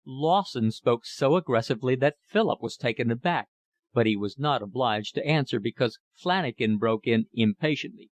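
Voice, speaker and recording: A man narrating a classic novel as an audiobook, in a measured, even storytelling manner. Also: mid-range voice, dry recording.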